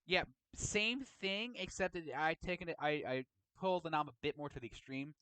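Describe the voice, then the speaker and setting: A man's voice: fairly high pitch, animated, a little fast, bright, forceful tone, clear, resonant tone, dry recording, poor audio. A man hosting a casual chat about his roleplay story. He rambles and often tags his sentences with "right?". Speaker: host and storyteller.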